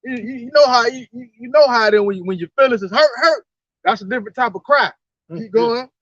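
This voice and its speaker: A man with a strikingly high voice retells scripture in loose everyday slang and often checks in with his listeners. The recording sounds dry and dull, like a lo-fi online call. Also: a little fast, a bit bright, no room sound. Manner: paraphrases verses in slang, keeps asking "you know what I'm saying". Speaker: Bible study commentator. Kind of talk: casual scripture commentary.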